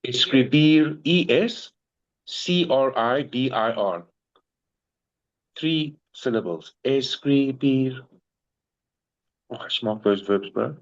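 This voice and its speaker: A man's voice: mid-range voice, slow, highs cut off. Slangy South African male Spanish tutor. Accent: South African English. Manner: slangy and animated, calls people bro. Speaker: Spanish teacher. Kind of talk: casual one-on-one tutoring.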